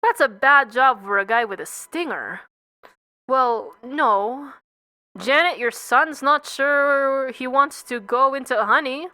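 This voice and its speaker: Young woman, comedic script reading, bright voice, unhurried, dry close sound. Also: fairly high pitch, animated, no echo. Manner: reads all parts and stage directions, breaks off to comment and swear.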